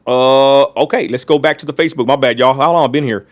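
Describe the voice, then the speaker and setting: A man's voice: mid-range voice, fast talker, no echo, studio quality. A man with a West Texas accent hosting a casual livestream, ranting bluntly and talking straight to his viewers. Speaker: livestream host.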